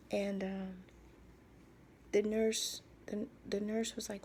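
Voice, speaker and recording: A woman speaking in a halting, soft personal video diary, often dropping to a whisper and repeating herself as she searches for words. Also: a little high, steady tone, vocal fry, a little hiss or hum. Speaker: vlogger.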